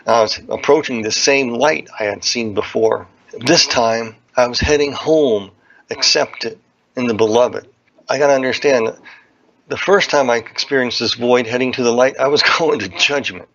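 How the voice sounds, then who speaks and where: A man's voice: mid-range voice, moderate pace, fairly bright tone. A man telling a personal religious testimony in an earnest, plain-spoken way, often repeating phrases for emphasis. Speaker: speaker giving a testimony. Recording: dull lo-fi recording.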